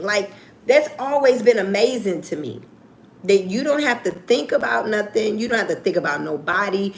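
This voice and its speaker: A woman's voice: mid-range voice, animated, normal speed, vocal fry, a little hiss or hum. A woman hosting a livestream, casually telling stories to her viewers in a blunt, profane, joking way. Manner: blunt, profane, laughing storyteller; talks straight to viewers. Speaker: livestream host. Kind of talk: casual storytelling chat.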